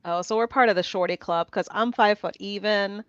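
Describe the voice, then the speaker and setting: A woman's voice: medium pitch, brisk, clear, resonant tone, no echo, muffled recording. A woman with a New Jersey accent, a guest on a video call, effusive and laughing often. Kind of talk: casual interview chat.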